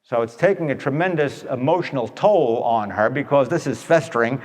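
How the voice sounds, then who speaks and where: A long reverb tail trails this man's medium-pitched, slightly mellow voice as he speaks at a moderate pace. He's a radio advice talker spinning folksy, conversational stories, addressing the listeners directly and voicing what others said.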